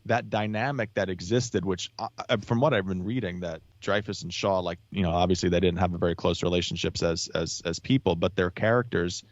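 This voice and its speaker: Man, podcast guest, very low voice, rambling delivery, muffled lo-fi mic. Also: steady tone, a little fast, hardly any pauses, no room sound. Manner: rambling, with many restarts and fillers. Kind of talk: casual chat.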